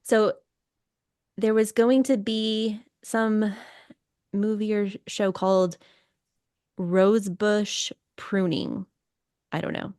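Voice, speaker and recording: A woman's voice: mid-range voice, fairly even intonation, slow pace, long pauses, a little mellow, clear, resonant tone, dry recording. Young woman podcast cohost, rambly casual chat, dry close mic. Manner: chatty, rambling, with restarts and laughs. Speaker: podcast co-host.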